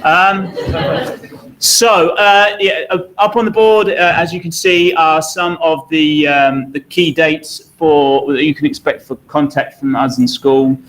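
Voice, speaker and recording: A man's voice: fairly high pitch, steady tone, a little slow, fairly bright tone, rough recording. A man, a teacher, presenting key dates to parents at a school evening, hesitant and full of fillers. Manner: hesitant, many ums and uhs. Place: school hall.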